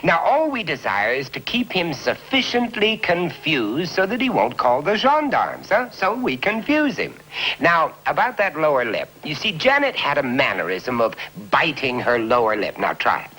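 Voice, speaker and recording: A man's voice: fairly high pitch, big pitch swings, moderate pace, sharp tone, breathy edge, exaggerated voice, low-quality recording. An actor playing a pompous, insistent elocution coach who drills and scolds his pupil, in a 1970s TV movie. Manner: theatrical, repetitive, exasperated scolding. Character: pompous male con-man elocution coach, insistent and fussy.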